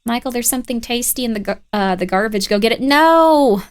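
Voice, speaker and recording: A woman's voice: fairly high pitch, animated, fairly quick, clear, resonant tone. Chatty playful woman streamer. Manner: chatty and playful, scolds her pet and banters with chat. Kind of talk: casual live-stream gameplay commentary.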